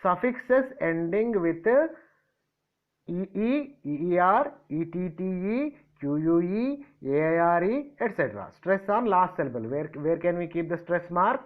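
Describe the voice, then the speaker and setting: A man's voice: high-pitched, expressive, unhurried. A man from India teaching a grammar lesson, spelling out letters and asking and answering his own questions. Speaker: English teacher. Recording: tinny phone-like audio.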